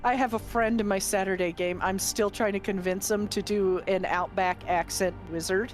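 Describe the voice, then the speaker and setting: A woman's voice: mid-range voice, steady tone, normal speed, faint music behind. A woman running a tabletop game, narrating and chatting casually, laughing often and swearing freely. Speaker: game master.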